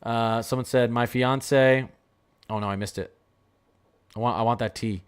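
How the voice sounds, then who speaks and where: A man hosting a casual weather livestream, talking to his chat in an excitable, rambling way with lots of exclamations. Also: medium pitch, measured pace, smooth.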